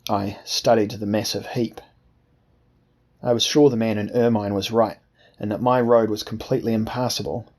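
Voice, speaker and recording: A man reading an audiobook in a measured, formal first-person storytelling manner. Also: fairly low pitch, fairly even intonation, a little mellow. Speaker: audiobook narrator. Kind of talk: scripted first-person narration.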